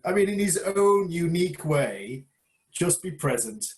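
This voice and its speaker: A man's voice: fairly high pitch, big pitch swings, a little slow. A man from England, a karate instructor, telling a story over a beer in a reflective, hesitant way with repeated words. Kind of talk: casual chat over a beer.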